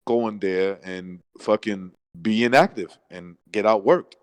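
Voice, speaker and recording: A man's voice: on the low side, a little slow, no room sound, poor audio. Rambling man in casual boxing chat. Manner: rambling, says bro and dude, swears. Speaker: podcast co-host.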